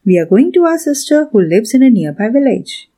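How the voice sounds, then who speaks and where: Brief: a woman reading a hesitant, pleading father in a story, mellow and soft. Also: on the high side, very animated, fairly quick. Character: frightened poor adult father on the run.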